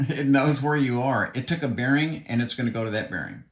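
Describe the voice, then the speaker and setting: A man's voice: medium pitch, animated, fairly quick. Blunt, heated man in a roomy space. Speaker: commentator. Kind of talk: opinionated monologue. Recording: roomy echo.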